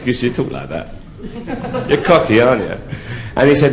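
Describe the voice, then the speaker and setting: Bawdy camp drag comic on stage. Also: male voice, mid-range voice, big pitch swings, normal speed. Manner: bawdy, camp, laughing at own jokes. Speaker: drag queen stand-up comedian. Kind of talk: live stand-up comedy. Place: theatre stage. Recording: echoey theatre with audience ambience.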